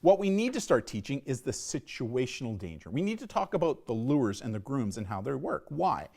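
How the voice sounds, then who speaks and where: A man's voice: medium pitch, very animated, fairly quick, creaky, warm tone. A middle-aged man giving a live online safety talk to parents, emphatic and often tagging his points with "right?". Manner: emphatic, repeats "right?" as a tag.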